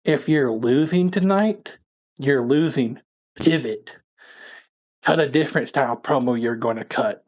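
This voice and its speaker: A man's voice: mid-range voice, a little mellow, dull audio. A man hosting a casual online talk show, asking questions in a laid-back, conversational way. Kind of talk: casual podcast chat.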